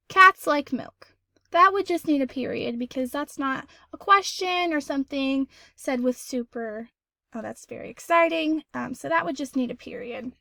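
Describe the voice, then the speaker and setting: A woman teaching a recorded reading lesson, explaining clearly and reading example sentences aloud with expression. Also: sits high, a bit bright, no echo.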